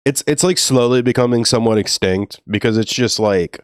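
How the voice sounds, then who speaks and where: A man's voice: medium pitch, clear, resonant tone, dry recording, clean studio sound. A man from New Orleans chatting casually on a stream, rambling and laughing often as he tells stories. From New Orleans, Louisiana. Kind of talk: casual chat.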